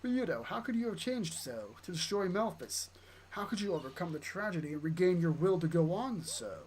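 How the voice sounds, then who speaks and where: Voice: mid-range voice, animated, moderate pace, a little mellow, slight background noise, natural voice, poor audio. A player voicing a grave old swordsman. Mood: solemn. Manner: formal, grave.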